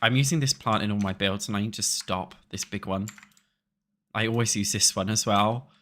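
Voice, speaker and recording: A man's voice: lowish voice, normal speed, fairly bright tone. A young British man streaming a building game, chatting casually with viewers and swearing freely. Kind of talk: casual chat while playing a building game.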